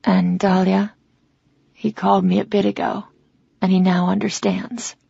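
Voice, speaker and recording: A woman narrator voicing a caring older motherly woman who speaks softly, slowly and a little raspily, in a slightly dull, dry audiobook recording. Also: mid-range voice, little pitch movement, no room sound, exaggerated voice. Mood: tender. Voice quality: small, slightly raspy voice. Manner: soft, slow, consoling. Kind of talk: audiobook character reading.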